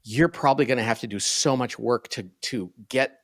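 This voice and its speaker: A man's voice: medium pitch, normal speed, a bit bright. Earnest middle-aged male guest. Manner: earnest, thinking aloud, with frequent restarts. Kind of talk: casual interview conversation.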